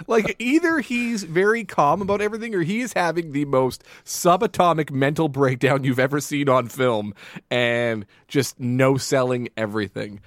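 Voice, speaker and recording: A man's voice: a little high, normal speed, no echo, studio quality. A man co-hosting a podcast, rambling casually and mocking a movie's scenes. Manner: rambling, mocking, does silly quoted voices. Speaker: podcast co-host. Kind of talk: casual movie review chat.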